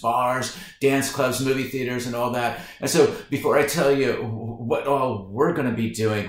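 A man as pastor giving a casual devotional talk, conversational and unhurried, dropping to a hushed tone when he prays. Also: mid-range voice. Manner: relaxed, conversational, with prayerful hushed passages. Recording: very echoey room.

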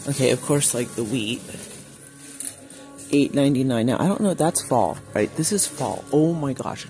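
Faint music plays behind this man's slightly mellow, medium-pitched voice, which moves at a normal speed. He's a shopping vlogger doing a casual shop-with-me walk through a big craft store, eagerly reading out prices into the phone in his hand.

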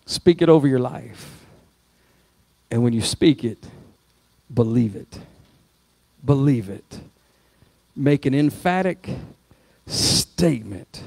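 A man preaching a sermon as pastor, swinging from loud rising exhortation to quiet spoken prayer. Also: medium pitch, expressive, slow pace, creaky, long pauses, dry recording. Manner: preaching with rising shouts, then hushed prayer. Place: church sanctuary.

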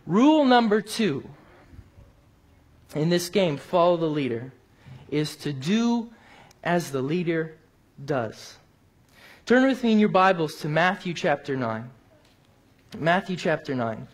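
A man preaching a sermon, telling a personal story and rising to emphatic peaks before dropping quiet. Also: on the high side, lively intonation, takes it slowly, long pauses.

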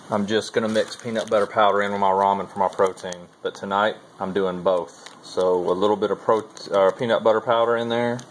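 With poor audio and slight background noise, a man with a lowish voice chats to his camera while camped at a forest trail shelter on a long hike. He's a thru-hiker vlogger, laid-back and talkative, saying "y'all" a lot in Southern fashion.

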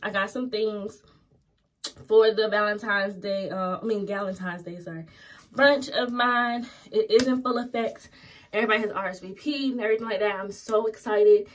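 Young adult woman, casual daily vlogger, chatty and relaxed, close to the mic. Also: mid-range voice, moderate pace. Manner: chatty, loose, lots of "um" and "y'all". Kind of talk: casual vlog chat. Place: at home, then out running errands. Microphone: phone or camera held close.

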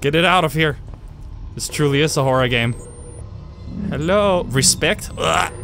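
A man's voice: fairly high pitch, a little slow, noisy background. A young man commenting as he plays a horror game, screaming and swearing at the scares and joking to himself. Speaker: gamer playing a horror game. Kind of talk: let's play commentary. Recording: clear game music underneath. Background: game music and sounds.

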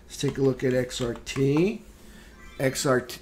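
Slow easygoing guy going over stock charts live, plain mid voice. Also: mid-range voice, darkish tone, a little hiss or hum. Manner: unhurried, plain chart commentary with fillers. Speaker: trading room host. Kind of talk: live market recap walkthrough.

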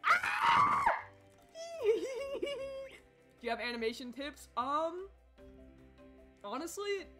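A woman streaming a game and chatting with her viewers, excitable and squealing over cute animals, swearing casually, with faint game music behind her. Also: extremely high pitch, takes it slowly, long pauses. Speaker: Twitch streamer. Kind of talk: casual gaming livestream chat.

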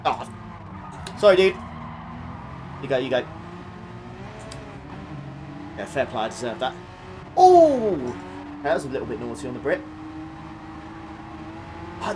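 Excitable man streaming a race. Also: sits high, slight background noise. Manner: excitable, laughing, apologetic, talks to chat. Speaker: game streamer. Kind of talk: live racing game commentary. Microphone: desktop USB condenser mic.

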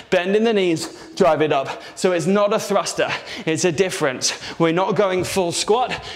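A man coaching a kettlebell workout, counting reps and cheering people on with lots of energy. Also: sits high. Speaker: fitness instructor. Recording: roomy with long reverb.

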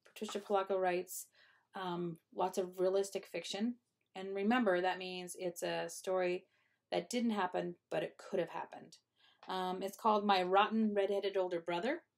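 A woman teacher reading a picture book aloud to third graders in a gentle, expressive way. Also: on the low side, moderate pace, creaky.

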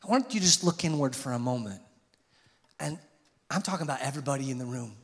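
Impassioned pastor in a reverberant church. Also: male voice, expressive, fast. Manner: impassioned, rises in pitch and volume on questions. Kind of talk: sermon. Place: church sanctuary. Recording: long hall reverb.

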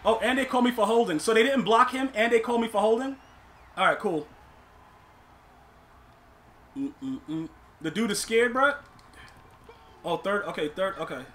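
A young man streaming a football video game, complaining to himself and his chat and shouting in disbelief at bad plays. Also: high voice, moderate pace. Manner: exasperated, talks to himself and chat. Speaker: gaming streamer. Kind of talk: live gameplay commentary.

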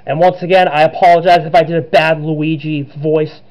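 A man giving excitable let's-play commentary on a horror game, narrating each move as he plays. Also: on the high side, normal speed, lo-fi sound. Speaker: gaming channel host.

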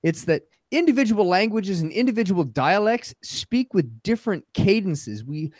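A man's voice: high voice, big pitch swings, moderate pace, no room sound, studio quality. A man whose first language is French, explaining things in a casual podcast chat with many restarts. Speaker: podcast co-host.

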